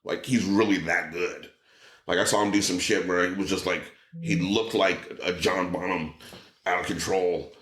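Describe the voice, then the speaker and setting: A man's voice: low voice, fairly even intonation, normal speed, a bit bright. A man telling stories as a podcast guest. He acts out other people's lines and swears casually. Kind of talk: casual storytelling. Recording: roomy echo.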